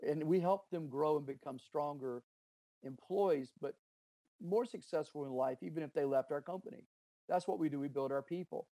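A man's voice: a little high, warm tone, no room sound. A middle-aged man, a business owner, telling leadership stories in an interview, earnest and emphatic. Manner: earnest, emphatic, anecdotal with quoted dialogue. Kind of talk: interview, storytelling about leadership.

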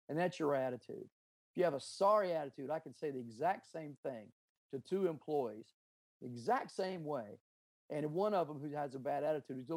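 On a dry recording, a middle-aged man who owns a business shares leadership stories in an interview. His voice sits on the high side, animated, fairly quick and a little mellow, and he speaks earnestly and emphatically, quoting dialogue within his anecdotes.

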